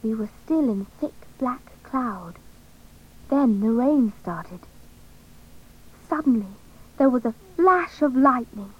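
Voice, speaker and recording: High-voiced, slow woman narrator. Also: lively intonation, muffled recording, a little hiss or hum. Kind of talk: scripted first-person narration.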